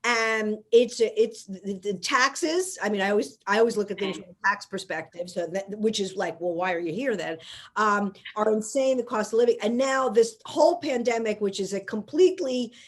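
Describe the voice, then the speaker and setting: A woman's voice: mid-range voice, normal speed, hardly any pauses. A woman from New York hosting a casual interview, chatty and rambling, often laughing as she talks. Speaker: podcast host.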